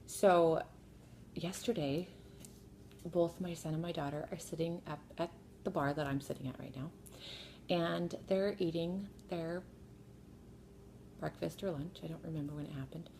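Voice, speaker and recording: Wry, low-voiced mother telling a story. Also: fairly even intonation, unhurried, long pauses, darkish tone, a little hiss or hum. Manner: wry, laughs at herself. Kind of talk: casual storytelling. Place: sitting at a home kitchen bar.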